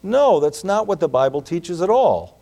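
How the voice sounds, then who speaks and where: A man delivers a sermon in a slightly high-pitched voice. He speaks earnestly and with emphasis, and he slows down to press home the points that matter. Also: big pitch swings, dark tone. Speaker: pastor.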